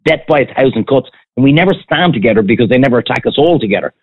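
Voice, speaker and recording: A man's voice: mid-range voice, lively intonation, racing. An Irish man in casual chat, ranting bluntly and with some profanity. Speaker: podcast guest, former restaurant owner. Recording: tinny phone-like sound.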